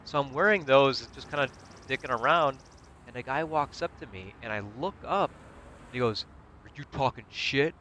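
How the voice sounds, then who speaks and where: Bright-voiced man telling stories. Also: medium pitch, normal speed, slight background noise. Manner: animated, acts out quotes. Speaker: gaming streamer. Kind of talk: casual storytelling chat.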